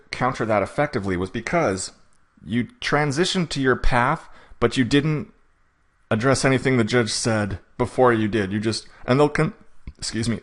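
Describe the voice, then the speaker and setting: Fast-talking man coaching for court. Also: mid-range voice, fairly bright tone. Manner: fast-talking, self-admittedly rushed; acts out judge and defendant lines in quick asides. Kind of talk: coaching session recap.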